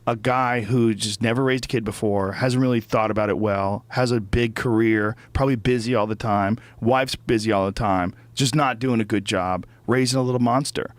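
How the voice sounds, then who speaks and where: A man's voice: lowish voice, steady tone, moderate pace, hardly any pauses, no echo. A middle-aged man hosting a podcast, telling a story as a casual, profane rant that gets heated and repetitive. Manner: profane, heated, repeats himself when worked up. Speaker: podcast host.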